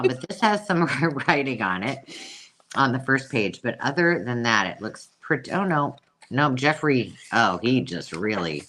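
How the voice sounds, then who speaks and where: Chatty host with a lively, swooping voice. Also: medium pitch. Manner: chatty, self-mocking, coos over pictures. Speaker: host selling vintage books. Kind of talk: casual live sale chat.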